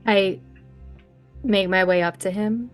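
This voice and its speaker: Slow-spoken woman playing a tabletop game. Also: medium pitch, steady tone. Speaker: player. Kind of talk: in-character tabletop play. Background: soft background music.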